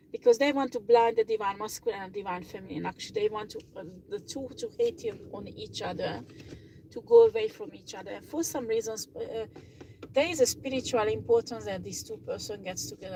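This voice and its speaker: Gravelly-voiced woman reading tarot cards. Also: medium pitch, fairly quick, a little mellow, slight background noise, low-quality recording. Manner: chatty, blunt, swears freely, many fillers. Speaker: tarot reader.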